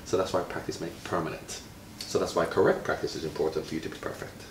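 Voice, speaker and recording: A very deep-voiced man in his fifties from Jamaica, talking playfully to a child and quizzing her, dragging out words to make a point. He sounds set back from the mic in an echoey room with faint noise behind him. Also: flat delivery. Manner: playful, quizzing, drawn-out emphasis. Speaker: retired footballer, interviewee. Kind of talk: friendly teaching chat with a child. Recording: roomy, from far off, faint noise.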